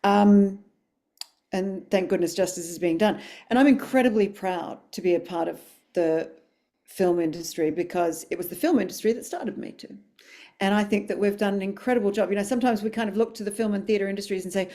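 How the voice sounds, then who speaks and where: A woman's voice: medium pitch, normal speed, warm tone. A woman, a dialogue coach speaking on a webinar panel over a video call, effusive and emphatic.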